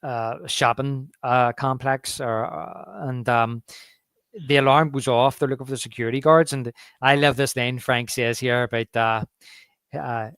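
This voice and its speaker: A man's voice: medium pitch, steady tone, fairly bright tone, smooth, dry recording, clean studio sound. A man co-hosting a movie podcast, chatting casually and stumbling through restarts while he retells scenes. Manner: halting, many restarts, acts out movie quotes. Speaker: podcast co-host. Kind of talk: casual movie review chat.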